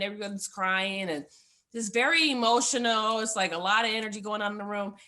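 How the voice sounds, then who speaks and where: A woman's voice: mid-range voice, pushed and bright. A young woman, a guest on the show, giving a heartfelt personal testimony in a rambling way, full of fillers.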